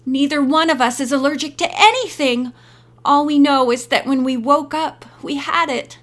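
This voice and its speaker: A woman's voice: sits high, normal speed, a bit bright. A woman voicing a timid, frightened teenage girl model who speaks in a small, shaky voice. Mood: timid, worried.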